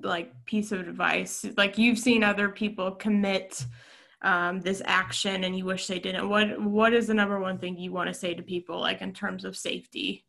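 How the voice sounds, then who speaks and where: A young woman in casual chat, chatty and quick to laugh, asking questions. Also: medium pitch, little pitch movement, gravelly, fairly bright tone.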